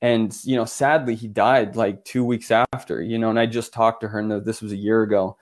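A man's voice: lowish voice, steady tone, normal speed. Earnest man telling stories in an interview. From Utah, US. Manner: earnest, many restarts and "you know"s. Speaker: photographer guest. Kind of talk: casual interview storytelling.

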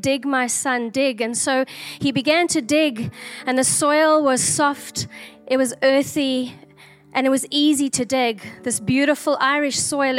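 A woman earnestly sharing a prophetic vision as a flowing, repetitive story. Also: high voice. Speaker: prophetic speaker.

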